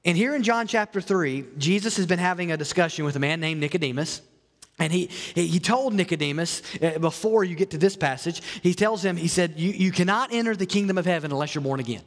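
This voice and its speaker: A man's voice: sits high, animated, quick pace, in a large hall. A man preaching a sermon as a pastor, earnest and often repeating or restarting his words.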